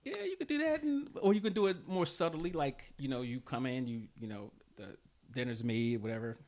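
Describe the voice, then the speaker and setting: A man's voice: medium pitch, animated, a little fast, a little mellow. A man hosting a podcast, chatting casually in a laid-back, teasing way and laughing easily. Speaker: podcast host.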